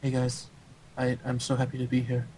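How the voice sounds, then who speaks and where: A man doing an impression of a soft-spoken young male gamer friend, meek and polite. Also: medium pitch, monotone, fairly quick, breathy edge, natural voice, poor audio. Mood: mild.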